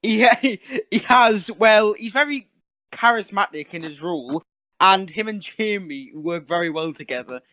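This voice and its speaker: A man's voice: high voice, lively intonation, a little slow, sharp tone, no room sound. A Geordie man chatting casually on a podcast, laughing often and swearing freely. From England. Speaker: podcast host. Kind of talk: casual chat.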